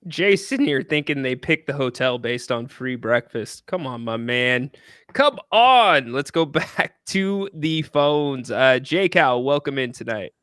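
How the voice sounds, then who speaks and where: A man's voice: mid-range voice, lively intonation, measured pace, fairly bright tone, clear, resonant tone, no echo, clean studio sound. A man co-hosting a sports call-in show, upbeat and jokey as he runs the phones. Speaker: radio co-host.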